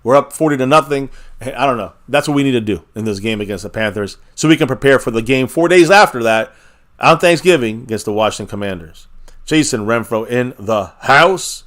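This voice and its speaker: A man's voice: mid-range voice, a little fast. Chatty man hosting a fan live stream. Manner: chatty, reads viewer comments aloud, energetic. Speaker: fan livestream host. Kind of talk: casual live-stream commentary.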